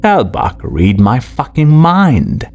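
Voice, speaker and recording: A man's voice: mid-range voice, sing-song, takes it slowly, darkish tone, pitched above the performer's own voice. A man voicing a sick, crafty man who whines and snarls for a drink, in an audiobook reading. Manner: whining, snarling, pleading.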